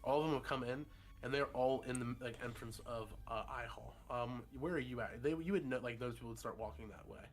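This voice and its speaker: A man's voice: medium pitch, a little fast. A man narrating as game master, in a loose, casual voice full of fillers. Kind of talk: narrating a tabletop horror game.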